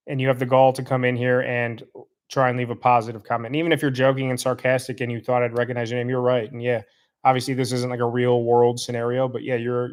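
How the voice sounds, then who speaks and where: The voice is male, mid-range and clear with a resonant quality, delivered quickly in a monotone. He's a live-stream host who greets his chat, then turns on a commenter with an angry, rambling rant full of repeated insults.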